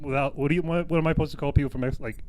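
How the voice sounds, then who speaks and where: A man's voice: on the high side, fairly even intonation, racing, darkish tone, a little hiss or hum. A young man co-hosting a casual podcast, joking bluntly, swearing and laughing. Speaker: podcast co-host. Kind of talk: casual chat.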